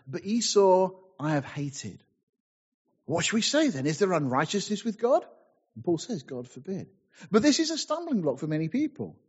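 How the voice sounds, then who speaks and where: An earnest male preacher with a voice pitched a little high, working through scripture verse by verse and stopping to stress the point. The recording is dull and lo-fi. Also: a little mellow, slightly rough. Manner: earnest, reads scripture aloud in King James wording; explains passages with emphatic asides. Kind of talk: sermon with scripture reading.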